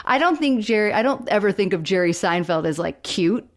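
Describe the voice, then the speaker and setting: Chatty female podcast co-host. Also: medium pitch. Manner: chatty, animated, quick asides. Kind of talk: casual chat.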